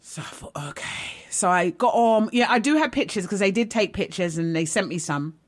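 A woman hosting a live video, telling a rambling, excitable story in a casual way and often checking in with "right?". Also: medium pitch, a little fast.

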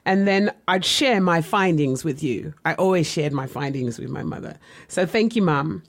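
A woman speaks in a candid, reflective way, recounting her childhood and family as a memoir. Her delivery is conversational and unhurried, moving between plain narration and asides to the listener. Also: low-pitched, animated. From West Indian family. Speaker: author telling her life story. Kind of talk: personal memoir storytelling.

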